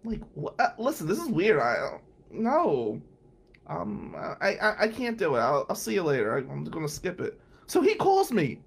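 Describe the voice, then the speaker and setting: A middle-aged man hosting a podcast, telling a story in a casual, animated way, acting out both sides of a conversation and swearing now and then. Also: a little high, moderate pace, gravelly, husky. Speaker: podcast host, defense attorney.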